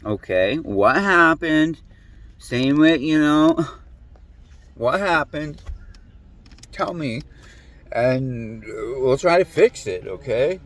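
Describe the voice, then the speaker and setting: A man's voice: fairly high pitch, animated, takes it slowly, pauses often, a bit bright. A man delivering a rambling, profane monologue straight to the camera, agitated and full of restarts. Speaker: vlogger. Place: lives in a humid climate.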